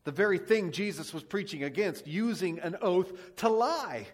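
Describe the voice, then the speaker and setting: Booming preacher man in a reverberant hall. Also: lively intonation, normal speed. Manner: booming preacher voice, swings between loud and quiet. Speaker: pastor. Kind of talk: sermon. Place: church sanctuary.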